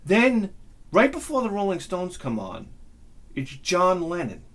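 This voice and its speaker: A man hosting his own channel, telling a rambling, excitable story in a casual monologue and swearing freely. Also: high voice, a little slow. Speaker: channel host.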